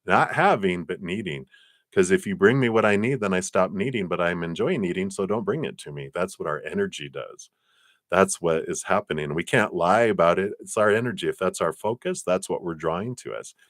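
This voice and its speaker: On a live stream, a man reads tarot cards at a slightly fast pace, speaking loosely and spiritually with plenty of fillers. He acts out quoted voices with big jumps in pitch. The sound is clean studio quality with no echo.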